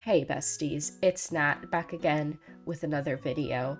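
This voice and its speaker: A woman's voice: deep voice, steady tone, measured pace, hardly any pauses, soft background music. A young woman hosting a gaming video, chatting casually and playfully, full of "like" and "um" as she rambles. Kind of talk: casual gameplay commentary.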